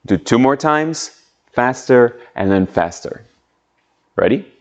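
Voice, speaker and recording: A man's voice: mid-range voice, animated, measured pace, pauses often, darkish tone. A man teaching an online English pronunciation lesson, patiently drawing out sounds and leading drills. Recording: muffled lo-fi audio.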